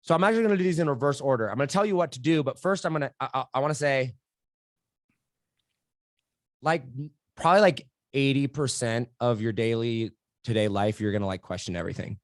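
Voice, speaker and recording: A man's voice: mid-range voice, fairly quick, dry recording, studio quality. A young adult man speaking as a podcast guest, telling stories energetically with frequent "like" and "right?". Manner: energetic, animated storytelling with many "like" and "right?". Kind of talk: candid interview conversation.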